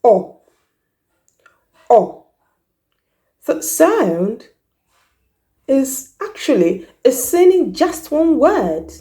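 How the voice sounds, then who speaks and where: A woman's voice: high voice, very animated, extremely slow, dark tone. A woman teaching pronunciation, carefully enunciating and drawing out each sound she demonstrates. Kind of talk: slow, deliberate pronunciation lesson.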